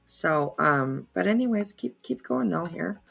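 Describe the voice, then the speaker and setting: A woman giving reaction commentary on a low-pitched but bright, sharp voice. She is sarcastic and opinionated. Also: animated, measured pace, creaky, breathy edge, faint music behind. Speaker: commentary channel host.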